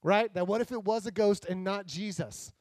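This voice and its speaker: A man's voice: sits high, moderate pace, dry recording. A man preaching a casual, jokey sermon, acting out the characters in the stories. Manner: animated, jokey, acts out voices. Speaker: pastor.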